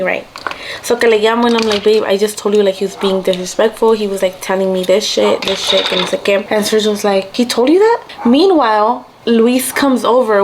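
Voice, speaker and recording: Mixing Spanish into her English, a young woman from Mexico casually tells a story while getting ready for her vlog. She speaks on the high side, and background noise is present.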